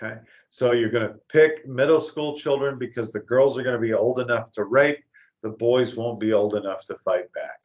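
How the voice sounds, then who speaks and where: A man's voice: mid-range voice, moderate pace, highs cut off. A man giving an earnest warning talk, with frequent filler words and hesitations. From West Texas. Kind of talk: lecture-style talk.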